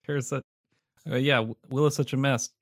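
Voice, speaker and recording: A man's voice: mid-range voice, steady tone, a little fast, no room sound. A man chats on a podcast with an enthusiastic, laughing delivery. His voice sounds dry and close, with no room around it. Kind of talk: casual chat.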